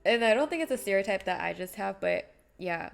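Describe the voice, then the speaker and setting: A woman's voice: mid-range voice, lively intonation, a little fast, gravelly, soft background music. A young woman chatting casually on a live stream while crafting, rambling and reading out viewer messages. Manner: chatty, rambling, reads chat aloud.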